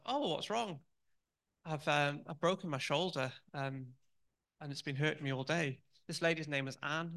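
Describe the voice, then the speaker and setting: A man's voice: fairly high pitch, pushed and bright. A man in his thirties giving a sermon, telling personal stories in a chatty, candid way with many ums and restarts. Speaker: church speaker.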